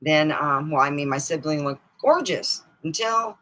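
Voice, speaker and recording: A woman host telling funny family stories on a live stream, animated, often laughing and jumping into high excited squeals. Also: normal speed, a little hiss or hum, rough recording. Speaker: comedic storyteller hosting a live stream. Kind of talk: casual stand-up style family storytelling. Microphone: streaming mic.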